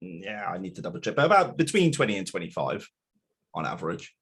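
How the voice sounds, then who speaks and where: A man's voice: sits low, big pitch swings, fast talker, a bit bright, slightly rough. A man who works in sales, talking about his work in a reflective way with some hesitations as a guest. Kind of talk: casual interview chat.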